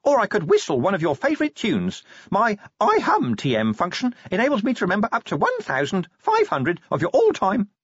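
A man's voice: sits high, huge pitch swings, fairly quick, few pauses, a bit bright, slightly rough, no echo, muffled recording, pitched above the performer's own voice, heavily acted. A man voicing a small, eager imp that lives inside a pocket organizer and babbles at its owner. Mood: eager shrill.

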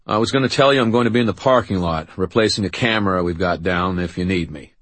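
A man voicing a gruff, bossy middle-aged mall security guard. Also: low-pitched, fast, fairly bright tone, no echo. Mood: curt.

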